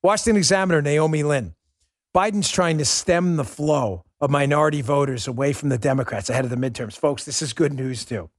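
A man's voice: fairly high pitch, a little fast, no room sound, clean studio sound. A man hosting a political commentary show, ranting in a heated, sarcastic way. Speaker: podcast host.

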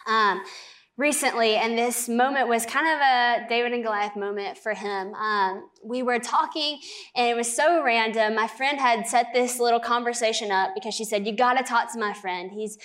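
A young woman of twenty speaks as a talk-show guest, her voice sitting a little high. She tells her story earnestly in a chatty way, dropping plenty of "like" along the way. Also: fairly even intonation, moderate pace, fairly bright tone. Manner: earnest, chatty, heavy use of "like". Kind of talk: faith testimony in conversation.

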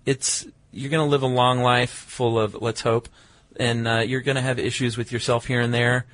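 A man's voice: mid-range voice, level tone, normal speed, a bit bright, no echo. A middle-aged man co-hosting a podcast, chatting casually and reading listener mail in an easygoing way. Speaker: podcast co-host. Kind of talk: casual chat.

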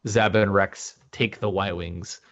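Rambling low-voiced man on lo-fi audio. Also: steady tone, takes it slowly, creaky, fairly bright tone. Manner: rambling with frequent restarts. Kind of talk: casual discussion. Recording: dull lo-fi audio.

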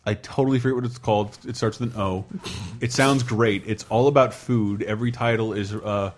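A man's voice: lowish voice, steady tone, brisk, faint music behind. A man co-hosting a casual podcast chat, rambling and self-deprecating. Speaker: podcast co-host.

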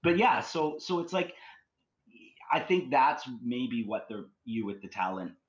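A man's voice: mid-range voice, very animated, measured pace, rough recording. A man casually telling a long personal story in conversation, rambling with many fillers, restarts and "you know"s.

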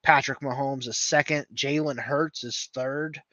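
A man co-hosting a podcast, chatting casually and thinking out loud with fillers. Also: medium pitch, fairly even intonation, unhurried, no room sound. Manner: rambling, thinks aloud with fillers. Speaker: podcast co-host. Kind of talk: casual fantasy football chat.

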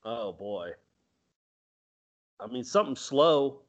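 A man's voice: medium pitch, lively intonation, takes it slowly. A man co-hosting a casual sports talk show, making wry, offhand remarks. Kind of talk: casual sports radio chat. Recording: slightly dull sound.

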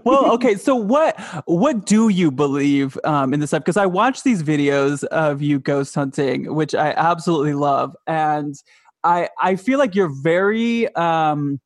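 A woman hosting a podcast, chatting casually, laughing easily and tossing in quick asides. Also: low-pitched, expressive, dry recording, clean studio sound. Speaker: podcast host. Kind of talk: casual chat.

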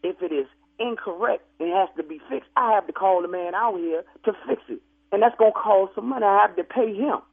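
Husky fast-talking man on a phone line. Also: high voice. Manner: defensive, stammering, argumentative. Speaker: funeral home worker. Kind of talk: prank phone call comedy bit.

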